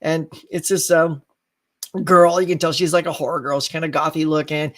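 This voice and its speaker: A man's voice: a little high, little pitch movement, normal speed. A man hosting a live stream show, chatting casually, reading viewer comments, laughing often and going off on tangents.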